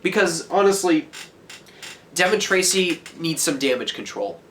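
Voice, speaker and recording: A teenage boy in a heated, profane rant, yelling at the camera as a vlogger. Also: a little high, lively intonation, unhurried, a little hiss or hum. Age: teens.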